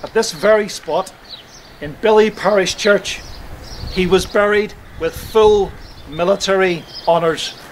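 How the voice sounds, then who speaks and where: A man speaks slowly and solemnly in a fairly high voice, giving a memorial address outdoors. He delivers it in a measured way. Faint outdoor ambience, with birds, sits behind him. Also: a little hiss or hum, low-quality recording. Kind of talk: commemorative historical address. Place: outdoors at a churchyard.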